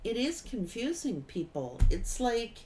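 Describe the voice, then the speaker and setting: A woman's voice: a little high, sing-song, unhurried, loud music behind the voice. A middle-aged woman giving a casual tarot reading, blunt and folksy, swearing freely and laughing often. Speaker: tarot reader.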